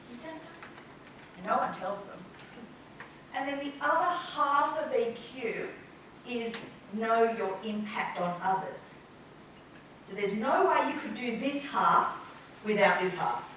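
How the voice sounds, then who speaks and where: Woman, middle-aged, conference speaker, fairly high voice, distant mic in a very echoey hall. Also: slight background noise. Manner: lively, acts out examples in quoted voices. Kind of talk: conference presentation.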